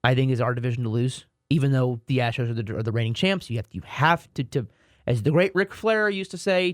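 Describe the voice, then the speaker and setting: A man's voice: medium pitch, brisk, no room sound. Rambling male sports podcaster, dry sound. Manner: rambling, repeats words, self-mocking asides. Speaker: podcast co-host. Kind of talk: casual sports chat.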